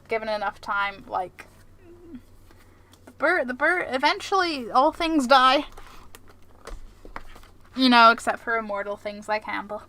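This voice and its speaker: A woman's voice: high-pitched, pushed and bright, no room sound. A woman streaming a game, chatting casually and playfully with her viewers and making puns. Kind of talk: casual live-stream chat while gaming.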